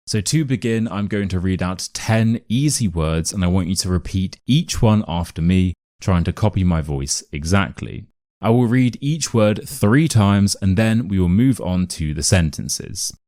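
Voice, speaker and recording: A man with a modern RP English accent leads a pronunciation lesson, spelling out each word with clear, deliberate care. His voice sits very low. The recording is dry and close, with no room sound. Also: animated, darkish tone, dry recording. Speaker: accent teacher.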